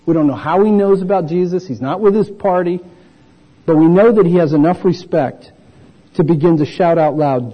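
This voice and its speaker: Animated preacher with a soft, husky voice. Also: male voice, on the high side, moderate pace, dull audio. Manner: animated, acts out voices of the disciples and the blind man. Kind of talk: sermon.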